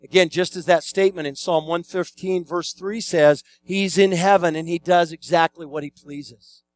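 A man's voice: on the high side, steady tone, moderate pace. A man preaching a sermon, emphatic and fond of repeating key phrases for weight. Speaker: pastor.

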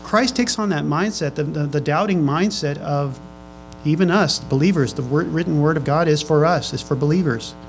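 A man delivering a sermon in a slightly high voice, reading scripture slowly before turning to questions for his congregation. He repeats and restarts phrases as he goes. Soft music plays faintly under his voice. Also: vocal fry, rough recording. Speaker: pastor.

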